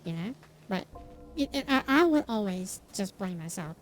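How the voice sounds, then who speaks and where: Animated young woman streamer, rambling. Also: mid-range voice, moderate pace, soft background music. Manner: rambling, self-deprecating, many restarts and fillers; animated, laughs often. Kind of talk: casual chat while gaming.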